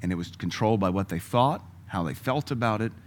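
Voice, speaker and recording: A man preaching a sermon, moving between loud emphatic lines and quiet asides and chuckling with the congregation. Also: lowish voice, animated, fairly quick, a little hiss or hum. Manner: laughs often, conversational asides to the congregation.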